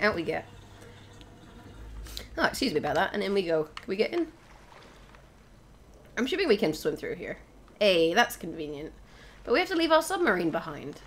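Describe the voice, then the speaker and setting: A woman's voice: lowish voice, a bit bright, a little hiss or hum. Chatty woman narrating gameplay. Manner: chatty, exclaiming, addresses viewers. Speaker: let's play host. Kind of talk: casual gameplay commentary. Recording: game sound clearly behind voice. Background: game ambience.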